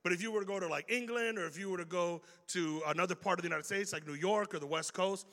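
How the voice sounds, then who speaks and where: With a long hall reverb around him, a young man from Chicago talks quickly in a high voice, his local accent clear. He gives an animated, casual sermon to young people and acts out the exchanges he quotes.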